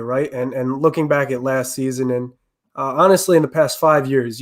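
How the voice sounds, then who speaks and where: A man co-hosting a sports podcast who explains his points in a steady, casual way. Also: medium pitch. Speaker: podcast co-host.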